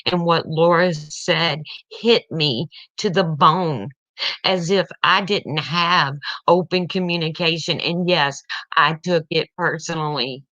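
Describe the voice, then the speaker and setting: In a low, slightly bright voice with a steady tone, a middle-aged woman speaks slowly as she vents online about her family as a parent. The rant is emotional and personal, blunt and heated, with tearful moments. Sound quality is dull and lo-fi, and the recording is dry.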